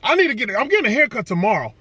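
Energetic male vlogger, high bright voice, playful slang. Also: very fast, slightly rough, dry recording. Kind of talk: casual hype vlog talk.

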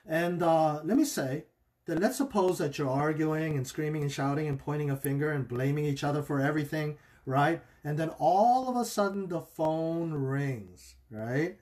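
Teaching about marriage over a livestream, this pastor speaks casually in a fairly high-pitched voice. He keeps tossing his listeners a brief "okay?", and people's excuses come out in lively put-on voices.

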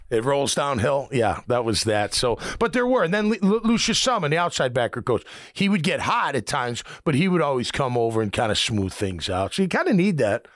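A man's voice: mid-range voice, moderate pace, dry recording, studio quality. A middle-aged man, a former linebacker, hosting a sports radio show and telling locker-room stories with frequent laughter. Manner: storytelling, laughs often, animated. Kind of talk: casual sports talk.

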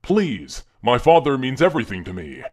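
A man's voice: mid-range voice, wildly swooping pitch, normal speed, a little mellow. A man voicing a young girl who earnestly pleads to save her cursed father, in a comedy parody. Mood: pleading.

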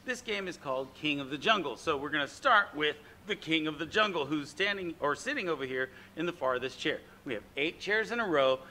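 A man teaching an acting class, explaining warmup games with energy. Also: fairly high pitch, fairly quick, hardly any pauses, a little hiss or hum. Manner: energetic, demonstrating animal sounds. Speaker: drama teacher. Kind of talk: classroom instruction. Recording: echoey room.

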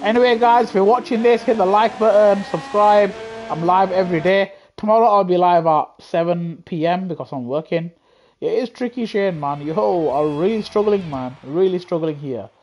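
A man streaming live racing gameplay from a home setup on a gaming headset, chatting to viewers and breaking into loud, frustrated outbursts. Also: sits high, moderate pace, a little hiss or hum. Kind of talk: live sim-racing commentary.

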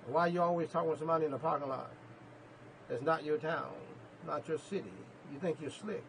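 This is a man, delivering a sermon as a pastor. His voice sits a little high with a gravelly edge, and he swings from quiet asides to loud emphatic bursts, repeating phrases for force. A faint hum of room ambience runs behind him. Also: poor audio. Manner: emphatic preaching with repetitions and sudden loud peaks.

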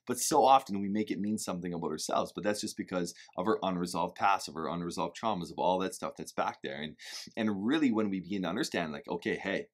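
A man with a low, slightly husky voice, talking to camera about parenting in a loose, reflective way. He is candid and animated, swings into loud emphatic bursts, and drops the odd swear word. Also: fast. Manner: occasional swearing. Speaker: parenting vlogger. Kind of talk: casual reflective talk to camera.

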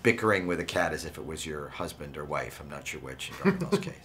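A man talking as an actor and interview guest, relaxed and wry in casual conversation. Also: very deep voice, fast.

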